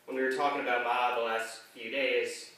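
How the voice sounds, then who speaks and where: Flat-voiced young man in an echoey chapel. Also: mid-range voice, fairly quick. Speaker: grandson giving a eulogy. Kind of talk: eulogy. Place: funeral chapel. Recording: echoey chapel, distant mic, faint noise.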